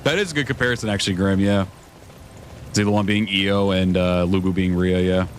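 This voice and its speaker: A man's voice: deep voice, fairly even intonation, fairly quick, a little hiss or hum. A young man streaming a video game, chatting casually with his viewers, swearing often and rambling between thoughts. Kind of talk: casual gameplay commentary.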